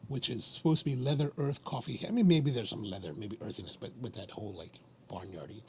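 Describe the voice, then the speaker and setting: Speaking at a quick pace in a mid-range voice, a Maryland livestream host chats casually, rambling and repeating phrases in a lively way. A little hiss or hum runs through the recording.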